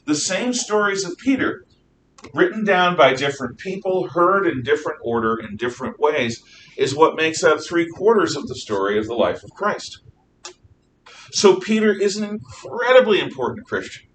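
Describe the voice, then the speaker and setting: Man, animated classroom lecture, bright tone, lively pitch, distant mic with faint rumble. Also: normal speed. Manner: animated, acts out dialogue with shifting voices. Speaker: teacher. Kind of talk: classroom lecture retelling Bible stories.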